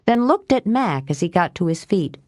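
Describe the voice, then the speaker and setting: A woman reading an audiobook aloud, lifting her pitch for dialogue and dropping low for the narration. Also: sing-song, normal speed, darkish tone, no room sound, studio quality. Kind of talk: audiobook narration with character voices.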